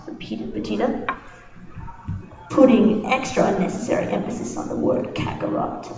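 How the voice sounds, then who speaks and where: A woman volunteer reading a story aloud dramatically at a live event, animated and giggly. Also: mid-range voice, normal speed, creaky, long pauses. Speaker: audience volunteer reader. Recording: echoey hall from far off, dull.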